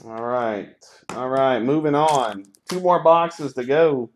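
Man, card break host, slow delivery, sarcastic, swears a lot, grumbling. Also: mid-range voice, a little hiss or hum. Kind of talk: live card break commentary.

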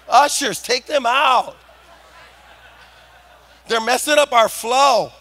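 A man preaching a sermon as pastor, shouting and building intensity in a church. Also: extremely high pitch, expressive, slow, long pauses. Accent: Californian. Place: church sanctuary.

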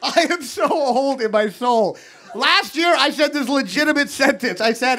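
A man in his thirties doing a stand-up set in a comedy club, ranting in an exasperated way and shouting his punchlines into a handheld mic. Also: very high-pitched, animated, moderate pace. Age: 30s. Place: comedy club basement before a live audience. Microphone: handheld stage microphone. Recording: live club recording with audience noise. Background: audience laughter.

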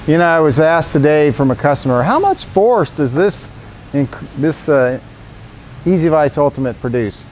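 Man, tool demo host, upbeat pitchman energy, slightly high voice, faint workshop noise. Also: very animated, normal speed, a little mellow. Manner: upbeat salesman energy, jokey. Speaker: tool company presenter. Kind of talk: casual product demonstration.

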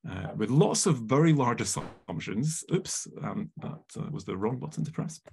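A man's voice: mid-range voice, expressive, moderate pace, vocal fry, darkish tone, a little hiss or hum. A man presenting a live online workshop, chatty and full of ums, often asking the audience questions over a video call.

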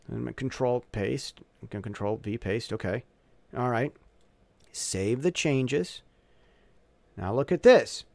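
A man talks through a software tutorial in a loose, off-the-cuff way, stumbling over words and correcting himself as he goes. His voice sits at an ordinary middle pitch. The recording is dry and close, with no room sound. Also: measured pace, gravelly, long pauses, no echo. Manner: rambling, self-correcting, thinking aloud. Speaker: tutorial presenter. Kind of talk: casual screen-recorded software walkthrough.

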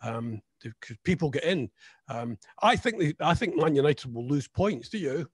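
A man's voice: fairly high pitch, expressive, normal speed, husky, no room sound, clean studio sound. A man co-hosting a radio show, teasing his partner with mock-serious questions in casual banter. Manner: teasing, hesitant, full of restarts. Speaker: radio co-host.

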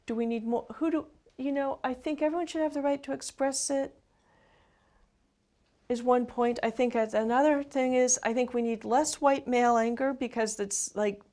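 A woman's voice: fairly high pitch, steady tone, normal speed, darkish tone. A woman in her fifties, an author being interviewed, speaking reflectively with frequent restarts and asides.

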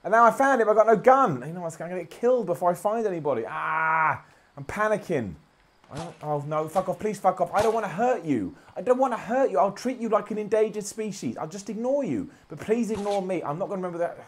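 Brief: games journalist, slightly high voice, lively self-mocking play-by-play. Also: male voice, fast, a little hiss or hum. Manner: self-deprecating, swearing, muttering to himself. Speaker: games journalist playing a video game. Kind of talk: gameplay commentary.

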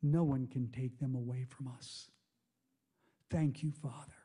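A male pastor preaching a sermon, swinging between loud, impassioned emphasis and low, quiet asides. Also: steady tone, measured pace, slightly rough.

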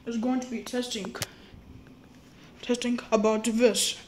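A woman with a fairly high voice talks slowly and playfully into a phone or laptop microphone, wandering from thought to thought. She keeps repeating herself and tosses in frequent okays as she plays around with a camera app. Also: steady tone, slight background noise. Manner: rambling, playful, repeats itself, often says okay. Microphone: phone or laptop mic.

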